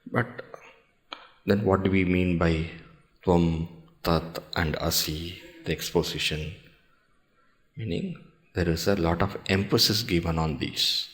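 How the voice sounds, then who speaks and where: Deep voiced swami teaching scripture, slow and careful, asks questions, recites sanskrit verses. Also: male voice, a bit bright. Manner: slow, measured explaining with pauses and rhetorical questions. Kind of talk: scripture discourse.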